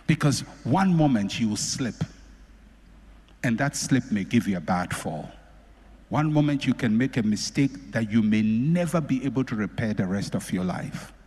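A man preaching a sermon, repeating phrases for emphasis and swinging between loud and soft. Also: medium pitch, lively intonation, moderate pace, slightly rough. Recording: echoey hall with long reverb.

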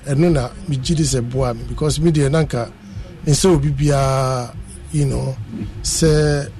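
A man with a Ghanaian accent, a guest talking in a loose, relaxed way on a chat show. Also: mid-range voice, measured pace, rough recording. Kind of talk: casual radio chat.

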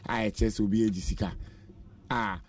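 A Ghanaian man speaking as a guest on a radio show in a relaxed, chatty way. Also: on the low side, moderate pace, dry recording. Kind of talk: casual radio interview.

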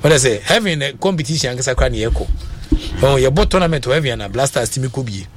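A Ghanaian man hosting a call-in radio talk show, switching quickly between languages, full of fillers. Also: mid-range voice, a little hiss or hum. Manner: animated, rapid code-switching with many fillers.

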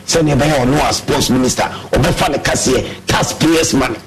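A man's voice: medium pitch, brisk, rough recording. A man with a Ghanaian accent delivering an impassioned political rant, repeating himself insistently and switching languages mid-sentence.

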